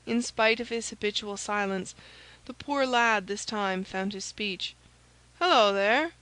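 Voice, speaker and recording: A woman reads a classic novel aloud in a steady, even narration. Her voice sits at a middling pitch for a woman. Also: unhurried, no room sound, low-quality recording. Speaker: audiobook narrator. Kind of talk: scripted narration.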